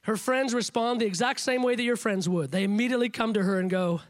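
A man delivering a sermon in a strikingly high voice. He is emphatic and stacks repeated phrases to build each point. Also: fast talker, hardly any pauses. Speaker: preacher.

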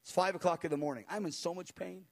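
A man recounting a spiritual experience as an animated personal testimony, acting out the people he quotes and chuckling as he goes. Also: high-pitched, quick pace, gravelly. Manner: acts out the people he quotes, with cries and hushed voices.

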